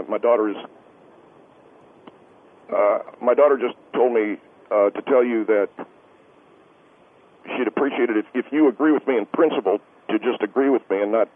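A flustered father stumbles through his words with constant hesitations, as a man puts him on. His voice comes over a tinny phone line at an ordinary middle pitch. He sounds anxious and defensive. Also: close to an everyday voice. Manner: stammering, hesitant, many uh's. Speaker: guest on phone.

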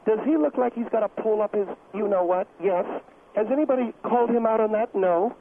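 A man's voice: high voice, brisk, voice pushed up. A man voicing a defensive middle-aged woman dance teacher on a comedic phone-in, indignant and self-pitying. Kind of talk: comedic phone-in role-play. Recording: tinny phone line with noise.

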